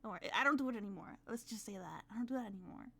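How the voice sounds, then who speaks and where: A woman streaming a reaction to a video, talking excitably and shouting and laughing when she protests. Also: mid-range voice, very fast, gravelly, a little hiss or hum. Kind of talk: live reaction commentary.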